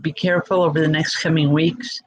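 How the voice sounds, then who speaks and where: A woman working as a spiritual medium, giving a live-streamed psychic reading in a reassuring, halting way with frequent ums. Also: low voice, level tone, poor audio. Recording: loud background noise.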